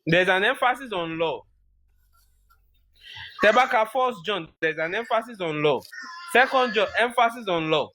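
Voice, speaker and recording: A man with a Yoruba Nigerian accent and a notably high voice joins a casual discussion. He lays out his reasoning step by step and stays measured while he defends his position. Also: lively intonation, pushed and bright. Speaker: discussion participant. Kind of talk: casual group discussion, mixing Yoruba and English.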